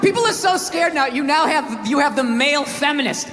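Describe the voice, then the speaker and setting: A man doing a stand-up comedy set, ranting loudly and profanely, often shouting, on a large outdoor amphitheater stage with a handheld mic. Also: extremely high pitch, lively intonation, fairly quick. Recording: echoey live venue with roaring crowd. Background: audience laughing and cheering.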